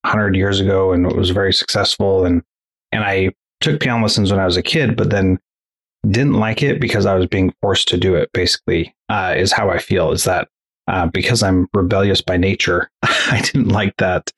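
A man's voice: deep voice, steady tone, normal speed, a bit bright, breathy edge. A man hosting an interview, asking thoughtful questions and sharing his own family experiences, often restarting sentences. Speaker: podcast host. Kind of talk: casual interview conversation.

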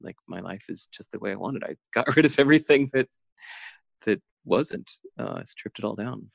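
A middle-aged man with a low, gravelly voice speaks in a casual interview. He talks intensely and in an animated way, full of "like" and restarts. The sound is dry and close. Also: normal speed, dry recording. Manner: intense, animated, lots of "like" fillers. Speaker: guest. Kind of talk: casual conversation. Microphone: remote call.

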